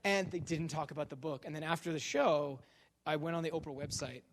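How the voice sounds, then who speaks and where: A man giving a comedic university lecture about his own work, animated and jokey, acting out the voices he quotes. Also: a little high, a little fast, slight background noise. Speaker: guest lecturer and author.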